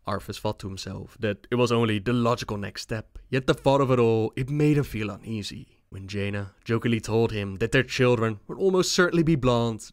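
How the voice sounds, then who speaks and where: Guy narrating game lore, calm measured pace, dry close mic. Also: medium pitch, no echo. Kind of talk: storytelling narration.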